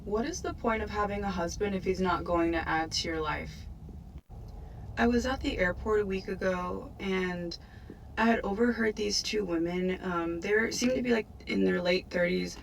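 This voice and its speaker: A woman's voice: mid-range voice, normal speed, gravelly, distant mic, slight background noise, poor audio. A woman telling a story in a chatty, incredulous way. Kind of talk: storytelling vlog.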